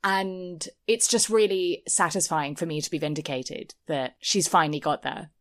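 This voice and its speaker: A woman's voice: low voice, moderate pace. A woman co-hosting a podcast, talking casually and chattily about reality television, often breaking into giggles. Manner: giggly, chatty, restarts the intro with laughter. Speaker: podcast co-host.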